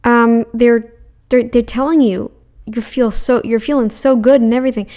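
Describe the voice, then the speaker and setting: A woman's voice: on the high side, steady tone, moderate pace, mellow. A woman hosting a reaction commentary, blunt and argumentative, often mocking the people she reacts to. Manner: puts on mocking voices when quoting others. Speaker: commentary channel host.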